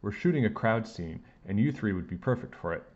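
A man's voice: fairly low pitch, expressive, fairly quick, dull audio. A man voicing a stern film director and father who gives demanding orders. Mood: apologetic. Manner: shouting, demanding.

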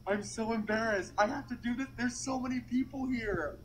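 Young male vlogger, high voice, nervous and flustered, swearing and rambling outside by a fountain. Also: moderate pace, hardly any pauses, a little hiss or hum, poor audio. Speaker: vlogger doing a dare. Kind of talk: casual vlog to camera. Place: outdoors by a public fountain.

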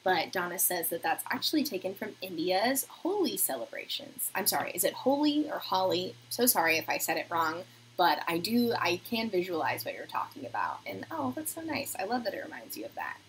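A woman's voice: lowish voice, sing-song, brisk, a little hiss or hum, rough recording. Chatty young woman hosting a livestream. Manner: chatty, reads viewer comments aloud, often drops to a soft murmur. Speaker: beauty livestream host. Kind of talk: casual livestream chat while doing makeup. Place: home apartment.

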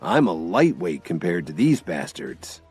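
A man's voice: low voice, sing-song, a little slow, vocal fry, darkish tone, slightly rough, soft background music, heavily acted. A man doing a grave, ominous gang boss. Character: serious middle-aged gang leader, ominous.

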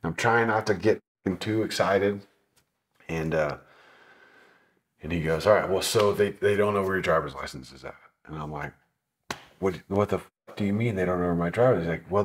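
A man telling a travel story in a casual sit-down interview, animated and swearing, acting out what people said. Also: low voice, moderate pace. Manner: animated, swearing, acts out quotes. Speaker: motorcycle traveler telling his trip.

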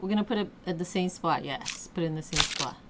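A young woman's lowish voice moves at a quick pace as she plays a game with her child, casually coaching her, encouraging her, and exclaiming along the way. Loud background noise is present.

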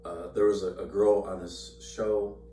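A man's voice: low-pitched, level tone, unhurried, mellow. A man leading an informal Bible study, talking conversationally with many fillers and repeated words. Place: church meeting room. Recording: echoey room, far from mic, faint hum.

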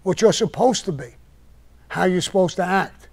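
An older man with a slightly higher voice tells stories on a live stream in a blunt, profane way. He rants hard when worked up. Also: lively intonation, moderate pace, creaky. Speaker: podcast host telling stories. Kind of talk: casual storytelling on a live stream.

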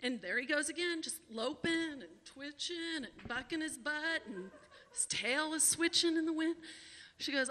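A woman in her forties telling a personal story on stage to a small live audience, animated and often laughing. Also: high-pitched, normal speed, big-room sound. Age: 40s.

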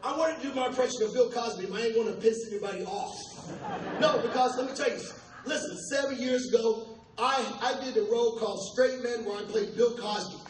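An older man with a very high voice performs live stand-up on a comedy club stage, his voice worn from weeks of touring. He jokes loosely and teases the crowd with quick, playful asides into a handheld stage mic. Recorded from a distance in an echoey club, the clip carries audience laughter, room ambience, and a little hiss or hum.

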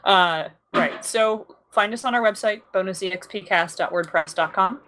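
A woman's voice: mid-range voice, moderate pace, a bit bright, slight background noise. A woman co-hosts a tabletop gaming podcast in casual conversation. She speaks her mind with dry, opinionated remarks. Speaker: podcast co-host. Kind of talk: casual chat about tabletop games.

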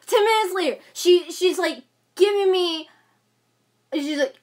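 Young woman vlogger, high voice, agitated rambling rant. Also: moderate pace. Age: young adult. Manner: agitated ranting, many fillers and repeats. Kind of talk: casual venting vlog.

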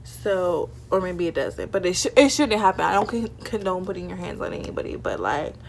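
A young woman telling a casual storytime vlog, chatty and animated, full of "like" and "y'all" fillers. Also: lowish voice, fairly quick. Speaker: vlogger. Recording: faint background noise.

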